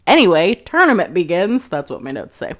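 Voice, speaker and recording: Young woman, low-pitched, chatty, profane, sarcastic book recap. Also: sing-song, a little fast. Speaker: book reviewer.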